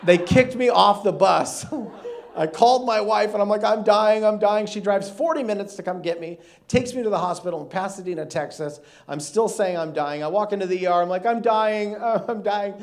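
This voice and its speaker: A man in his thirties, a guest preacher telling a funny, animated personal story in a sermon with frequent laughter. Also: high voice, a little fast.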